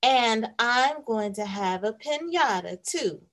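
A woman voicing an excited little girl planning her birthday, eager and proud. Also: a little high, slow, heavily acted.

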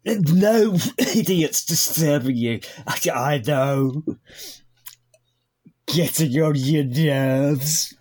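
A man playing a loud, rambling drunken uncle at a wedding in a comedy sketch read-through, stammering and slurring. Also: fairly high pitch, very slow.

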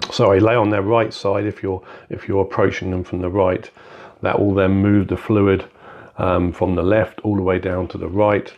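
A man talking through a clinical examination step by step, in a methodical, instructive way with frequent fillers. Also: deep voice. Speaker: clinical skills teacher. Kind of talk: spoken medical teaching walkthrough. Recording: dull, slightly lo-fi sound.

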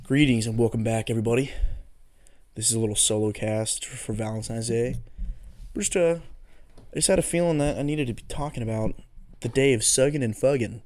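A man's voice: medium pitch, a little fast, darkish tone. A man hosting a casual solo podcast, rambling through goofy tangents with lots of swearing. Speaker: podcast host.

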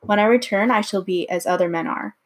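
A woman's voice: mid-range voice, brisk, natural voice. A woman reading as an eager scarecrow. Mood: earnest. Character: earnest male scarecrow, eager for brains.

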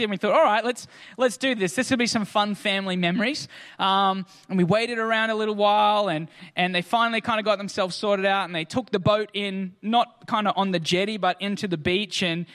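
High-voiced man telling a story. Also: brisk, bright, forceful tone. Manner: chatty, lots of "like" and "kinda", acts out quotes. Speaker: speaker addressing an audience. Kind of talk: anecdotal storytelling to a crowd.

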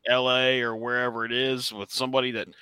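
A man's voice: mid-range voice, flat delivery, fast talker, bright, forceful tone, smooth. A man co-hosting a casual sports chat, easygoing and thinking aloud as he explains his picks. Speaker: podcast co-host. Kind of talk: casual fantasy football chat.

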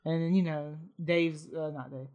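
A man's voice: fairly high pitch, fairly even intonation, moderate pace, a little mellow. A man in a casual podcast chat, recapping a film in a rambling way with many fillers and frequent laughs. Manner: rambling, hesitant, laughs often. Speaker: podcast co-host.

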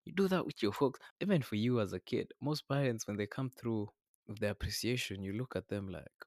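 Gravelly low man preaching. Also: a little fast, darkish tone, no room sound, studio quality. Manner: earnest, preachy, addresses listener as man and brother. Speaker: podcast host. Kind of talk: reflective podcast monologue. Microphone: podcast microphone.

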